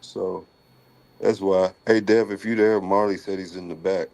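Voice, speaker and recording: A man speaking as a panelist in a casual discussion, measured and thoughtful, often trailing off quietly. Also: sits low, steady tone, creaky.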